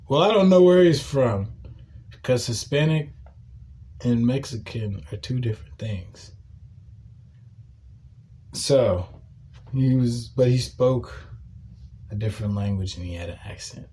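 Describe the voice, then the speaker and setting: A man hosting a podcast, telling a casual story in a profane, animated way and breaking into loud shouting. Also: mid-range voice, slow, pauses often. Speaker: podcast host.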